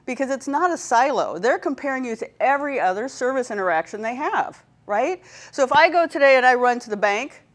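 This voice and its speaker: A woman's voice: sits high, animated, a little fast, hardly any pauses. A woman leading a training workshop, telling stories and checking in with her audience. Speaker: workshop presenter.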